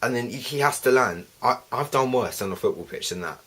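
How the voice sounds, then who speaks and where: A man's voice: medium pitch, animated, a little fast, fairly bright tone. A young man ranting and swearing through a fan video review of a football match, rambling with many restarts.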